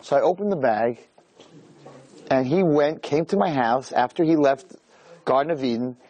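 A middle-aged man giving a jokey, animated storytelling talk as a rabbi, peppering it with "right?". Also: medium pitch, normal speed. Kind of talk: storytelling lecture.

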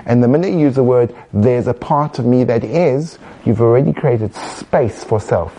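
Mellow-voiced man explaining with energy. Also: medium pitch, slight background noise. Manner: animated, acts out inner voices, laughs at own jokes. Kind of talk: conversational explanation.

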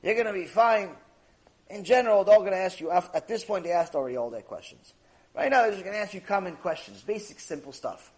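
A man teaching a lecture, telling a story in an animated way and acting out the characters' lines. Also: sits high, fast, rough recording. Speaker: Torah teacher.

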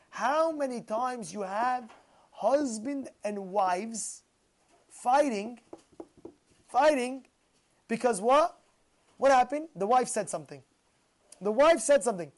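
Male Torah teacher, casual sermon; high voice, animated storyteller who hammers points by repetition. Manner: animated, repeats phrases for emphasis.

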